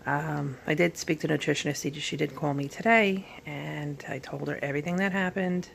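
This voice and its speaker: A woman vlogging at home while recovering from surgery, tired and in pain, talking in a halting, rambling way full of fillers and restarts. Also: low-pitched, fairly even intonation, creaky, slight background noise. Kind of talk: casual recovery vlog. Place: at home, sitting in bed.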